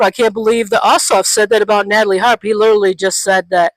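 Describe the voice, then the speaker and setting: A woman's voice: mid-range voice, steady tone, fast talker, no echo. Gen X woman, podcast co-host, profane mocking rant, dry close sound. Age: 40s or 50s. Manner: ranting, profane, mocks people with exaggerated voices. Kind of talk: casual political chat.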